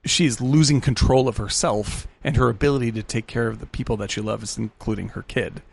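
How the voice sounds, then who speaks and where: A man with a gravelly, fry-edged voice talks films on a podcast. He rambles with enthusiasm and swears freely. His pitch sits in a middle range for a man. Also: fairly even intonation, a little fast. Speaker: podcast co-host. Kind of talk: casual film chat.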